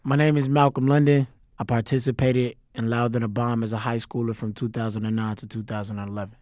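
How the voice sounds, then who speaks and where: A young man from Chicago, a former youth poet, talking in a reflective, earnest and measured way. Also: mid-range voice, little pitch movement, a little mellow, no echo, clean studio sound. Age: young adult. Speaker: former youth poetry competitor. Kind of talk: reflective interview talk.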